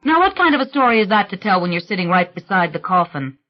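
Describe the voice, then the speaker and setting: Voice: mid-range voice, very animated, quick pace, lo-fi sound, pitched above the performer's own voice, close to an everyday voice. An audiobook reader voicing a husband who tells wry, gossipy funeral stories.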